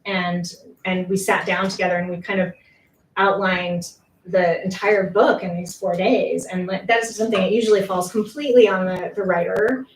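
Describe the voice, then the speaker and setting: A woman co-writer talks casually about writing a book with the author. She often hesitates and repeats words. Her voice sounds a bit far from the mic, with a roomy echo and a faint hum behind it. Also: mid-range voice. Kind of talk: casual conversation at a book event. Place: bookshop event room. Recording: echoey room, mic at a distance.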